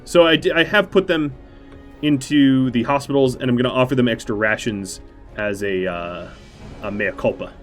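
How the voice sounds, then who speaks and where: A man's voice: medium pitch, normal speed, faint music behind. A man streaming a strategy game on a headset mic, thinking aloud about his choices with dry, self-mocking jokes. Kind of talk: let's play commentary.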